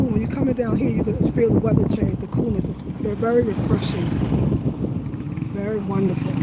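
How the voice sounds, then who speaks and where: A woman, vlogging casually and chatting straight to her viewers while out in the countryside. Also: medium pitch. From United States. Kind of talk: casual vlog narration. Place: outdoors and in a car in the countryside. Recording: loud background noise.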